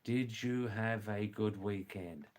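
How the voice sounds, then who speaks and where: A man putting on a broad Australian accent as a bloke greeting his mate, nasal and fast, his words running together. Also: lowish voice, lightly acted. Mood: teasing. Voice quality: nasal, vowels run together.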